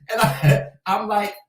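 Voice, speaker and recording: A man's voice: a little high, mellow. Earnest reflective man, echoey room. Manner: earnest, reflective, repeats himself. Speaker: co-host. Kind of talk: casual chat.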